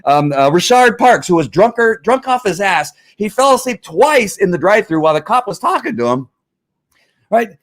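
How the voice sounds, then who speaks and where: Middle-aged man, former cop, heated rant, lively swinging pitch, raised voice. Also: normal speed. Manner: riled up, animated, talks over himself with restarts. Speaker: former police officer. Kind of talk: heated ranting commentary.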